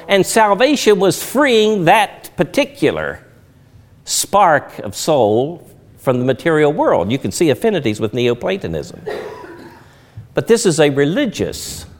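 A middle-aged man delivering a sermon, his voice sitting a little high for a man and leaping widely in pitch as he stresses points. He teaches by asking rhetorical questions and answering them himself. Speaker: preacher.

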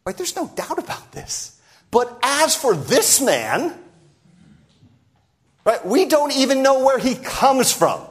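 A male preacher in full sermon, his voice sitting high for a man and swinging widely up and down. He speaks straight to his listeners and slips into the voices of the people in the story he tells. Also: takes it slowly, long pauses. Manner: animated, sweeping pitch and loudness, acts out quoted voices.

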